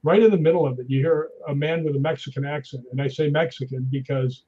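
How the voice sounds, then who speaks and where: A middle-aged man spins animated stories as a guest in a relaxed chat. His voice is husky and sits a little high for a man. The sound is dull and lo-fi. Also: fast talker. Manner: animated anecdotal storyteller. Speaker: guest, stuntman. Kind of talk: casual storytelling in conversation.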